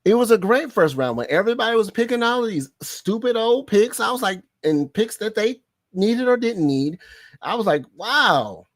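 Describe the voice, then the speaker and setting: A man hosting a casual sports podcast, excitable and slangy, laughing often as he talks. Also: high voice, moderate pace, no echo, studio quality. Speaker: podcast host.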